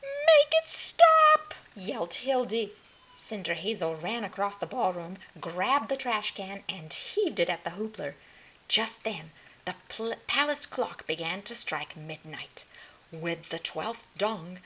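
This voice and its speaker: Slow, lively storybook reader, a woman. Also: medium pitch, low-quality recording. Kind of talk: reading a picture book aloud.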